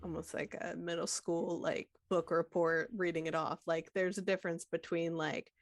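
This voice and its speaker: Low-voiced female tabletop player. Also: little pitch movement, moderate pace, no echo. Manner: chatty and hedging. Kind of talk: casual chat.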